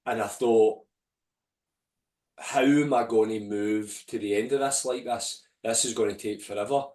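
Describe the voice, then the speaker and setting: A man's voice: lowish voice, fairly even intonation, measured pace, a little mellow. A man, a podcast guest, telling a vivid story with swearing and replaying his own inner voice. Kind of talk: storytelling in an interview. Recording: roomy and distant from the mic.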